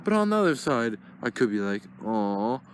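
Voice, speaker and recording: A man's voice: medium pitch, big pitch swings, moderate pace, slight background noise, close to an everyday voice. A man voicing Ted, a dim-witted, mischievous teddy bear in a plush toy comedy, talking in a frantic, stammering dither.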